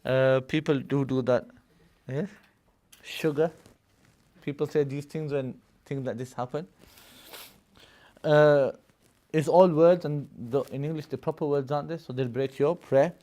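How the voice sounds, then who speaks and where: A religious studies teacher explains at length in a live classroom lesson, laughing often and checking in with students through "Yes?" and "Yeah?". His voice is on the high side, steady and warm, unhurried with long pauses.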